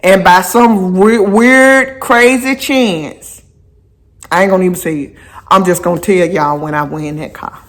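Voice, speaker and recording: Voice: mid-range voice, measured pace, fairly bright tone. A vlogger talking casually to viewers while out on a walk, repeating phrases for emphasis and going off on chatty asides. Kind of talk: casual walking vlog talk. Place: outdoors on a walk.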